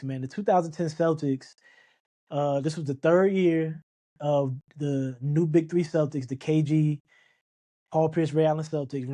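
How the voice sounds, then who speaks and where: A man's voice: fairly high pitch, mellow. A man hosting a casual talk show, emphatic, often repeating himself and restarting sentences. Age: adult. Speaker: sports podcast host. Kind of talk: casual sports talk monologue.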